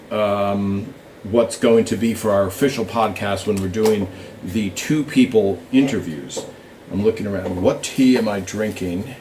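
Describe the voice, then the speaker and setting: A man hosts a casual live stream from a small studio, answering fan questions off the top of his head. He speaks at an ordinary middle pitch, chatty and unhurried, dropping fillers as he thinks aloud and greeting viewers by name. A faint hum sits behind his voice. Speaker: show writer hosting a live fan Q&A stream. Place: small studio with a blue backdrop, in Hollywood.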